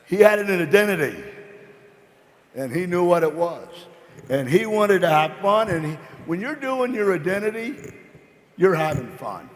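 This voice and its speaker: A man speaking from a big convention stage, rambling and folksy with a playful storytelling manner. His voice sits high for a man and trails off into a long hall reverb. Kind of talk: motivational storytelling speech.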